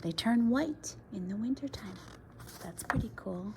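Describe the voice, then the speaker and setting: A woman reading a rhyming picture book aloud to children, pausing for friendly asides to her listeners. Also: fairly high pitch, breathy edge. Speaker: children's story reader.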